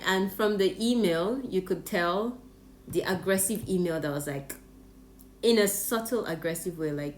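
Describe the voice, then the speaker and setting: Nigerian-accented woman vlogger, lower voice, animated and laughing, faint background noise. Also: moderate pace. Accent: Nigerian English. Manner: animated, expressive storytelling with frequent laughter. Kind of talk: storytime vlog. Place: Japan.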